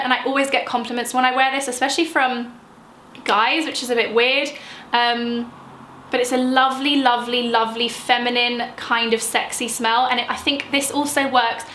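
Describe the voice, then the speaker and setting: Chatty young woman, bright and echoey. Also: a little high. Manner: gushing, rambling, lots of fillers. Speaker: beauty vlogger. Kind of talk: chatty product review vlog.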